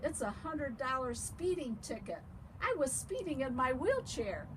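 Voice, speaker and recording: A woman's voice: sits high, very animated, unhurried, far from the mic. A woman reading as a spirited young girl. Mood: matter-of-fact. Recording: loud background noise.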